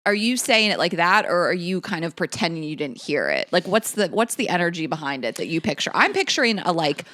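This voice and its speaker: A woman's voice: on the low side, sing-song, fairly quick, sharp tone, no room sound. Chatty woman podcast host, dry sound. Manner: chatty, laughs often, swears casually. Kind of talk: casual chat.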